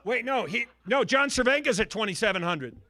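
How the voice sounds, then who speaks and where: A man working as a charity auctioneer, calling bids in lively patter and teasing bidders by name with jokes. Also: extremely high pitch, a little fast.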